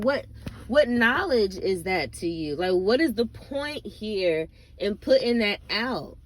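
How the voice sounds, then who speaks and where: A woman's voice: mid-range voice, expressive, slow. A woman vlogger ranting casually to camera, blunt and profane, rambling with lots of fillers and asides.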